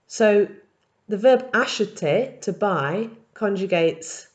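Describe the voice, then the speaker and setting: A woman teaching in a recorded language tutorial, explaining verb patterns step by step and modelling each form slowly. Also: medium pitch, animated, darkish tone. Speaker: French teacher.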